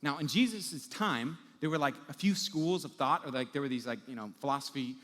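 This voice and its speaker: A man's voice: medium pitch, a little fast, fairly bright tone. Man preaching in a reverberant hall. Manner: casual storytelling, acts out quoted characters. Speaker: pastor. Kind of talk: sermon. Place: large hall with a live audience. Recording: long reverb of a large hall.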